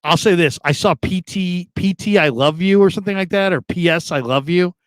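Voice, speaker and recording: Rambling sports radio host, dry sound. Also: male voice, high voice, brisk, no echo. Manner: loose and rambling, repeats himself, laughs often. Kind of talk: casual chat reading listener comments.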